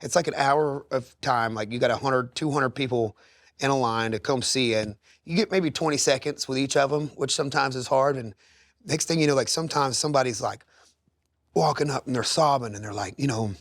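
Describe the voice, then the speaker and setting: A man's voice: medium pitch, brisk, no room sound, studio quality. Earnest rambling man on a podcast. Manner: earnest, rambling with many restarts and fillers. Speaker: singer, podcast guest. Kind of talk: candid conversational interview. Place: podcast studio.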